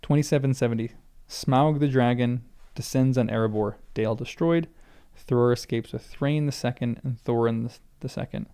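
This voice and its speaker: A man's voice: mid-range voice, moderate pace, few pauses, mellow, clear, resonant tone. A man reading a book aloud for the first time, stumbling over names and stopping to muse about pronunciation.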